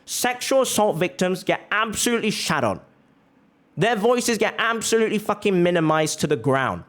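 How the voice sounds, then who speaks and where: A man's voice: high-pitched, expressive, normal speed, fairly bright tone. A male streamer giving a heated, profane reaction rant on stream, repeating phrases for emphasis.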